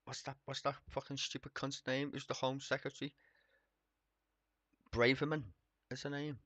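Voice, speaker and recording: A man's voice: mid-range voice, flat delivery, moderate pace, a bit bright, no room sound. A young man streaming casual political commentary, rambling, sweary and sarcastic.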